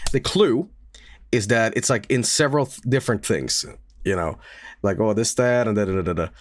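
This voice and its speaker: A man's voice: on the low side, moderate pace, no room sound. A young man streaming a game and chatting casually, telling rambling stories with stammers and swearing. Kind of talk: casual livestream chat while gaming.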